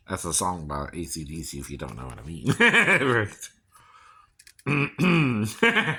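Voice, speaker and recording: A man's voice: deep voice, sharp tone, husky. A man vlogging in a rambling casual monologue, chuckling often and ending lines with a questioning tag. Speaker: vlogger and singing impersonator.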